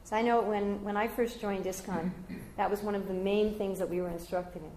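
Older woman, devotional class teacher, animated storyteller, mid-pitched, recorded in a roomy space. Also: moderate pace, slight background noise. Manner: animated storyteller, jumping high when quoting others. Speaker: teacher giving a scripture class. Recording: roomy echoey room.

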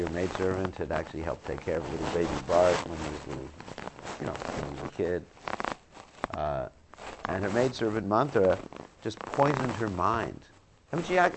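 A man teaching a religious class, retelling scripture stories in a chatty, joking way and asking his audience questions, in a noisy recording. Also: sits low. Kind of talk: humorous scripture storytelling class.

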